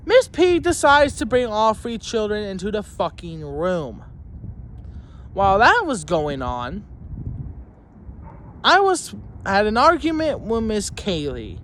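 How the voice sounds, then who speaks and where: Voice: mid-range voice, a little hiss or hum. Angry profane ranting vlogger. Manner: angry, swearing nonstop, rising to shouting. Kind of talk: profane storytime rant.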